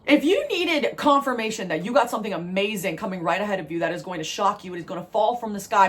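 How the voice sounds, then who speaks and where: A New Jersey woman gives a spiritual tarot reading fast and with few pauses, her voice mid-range. Animated with viewers, she laughs often and repeats phrases for emphasis.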